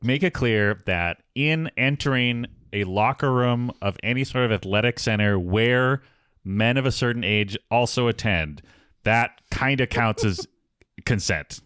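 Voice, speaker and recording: A man's voice: medium pitch, a little slow, a bit bright, smooth, no echo, studio quality. A man from Minnesota co-hosting a podcast in casual chat, jokey and rambling, laughing often. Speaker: podcast co-host.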